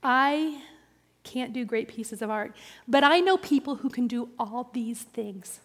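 A woman's voice: a little high, measured pace. Woman pastor preaching in a reverberant hall. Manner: personal and animated, with self-deprecating humor. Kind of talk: sermon.

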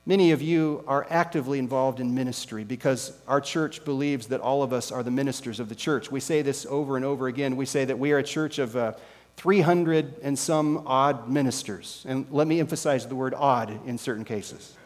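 A man's voice: medium pitch, a little mellow. Man preaching in a reverberant church. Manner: rhetorical questions, slow emphatic pauses. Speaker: pastor. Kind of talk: sermon. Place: church sanctuary. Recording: long reverb with mains hum.

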